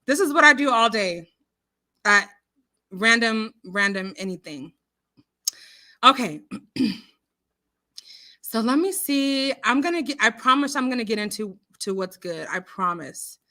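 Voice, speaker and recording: A woman hosting a casual livestream reads viewer comments aloud, chatty, giggly and rambling, with lots of fillers, and she talks with her hands. Her voice is fairly high, bright and forceful, animated in tone, at a measured pace with frequent pauses.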